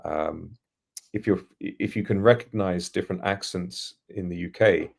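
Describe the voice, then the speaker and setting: Middle-aged English man, posh trained accent, very low gravelly voice, articulate anecdotal podcast guest. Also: normal speed. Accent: standard English, trained by acting lessons. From England, East London. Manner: articulate, reflective, anecdotal, laughs now and then. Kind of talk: casual storytelling in an interview.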